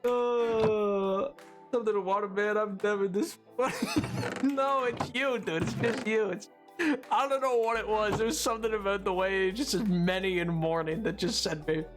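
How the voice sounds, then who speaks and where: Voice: mid-range voice, fairly even intonation, moderate pace, music in the background. A streamer on a live gaming stream, loopy and giddy, laughing hard through nearly every sentence.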